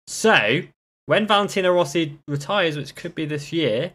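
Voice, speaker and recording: A man's voice: on the high side, lively intonation, moderate pace, a bit bright. A man hosting a casual motorsport podcast, rambling and tripping over his words. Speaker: podcast host.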